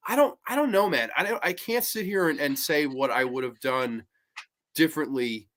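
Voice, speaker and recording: A man's voice: on the high side, lively intonation, normal speed, fairly bright tone. A man hosting a podcast in casual chat, earnest and emphatic, with frequent restarts. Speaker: podcast host.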